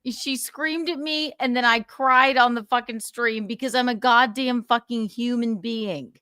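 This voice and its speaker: A woman's voice: a little high, steady tone, a little slow, sharp tone, clean tone, no echo, studio quality. A woman co-hosting a livestream, ranting angrily and swearing in heated casual chat. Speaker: livestream co-host.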